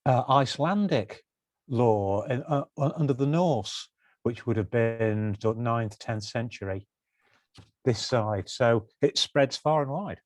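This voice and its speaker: A man's voice: mid-range voice, darkish tone, dry recording. A man with a Yorkshire accent in a study group, chatting casually and reading a passage aloud. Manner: casual, halting, laughs easily.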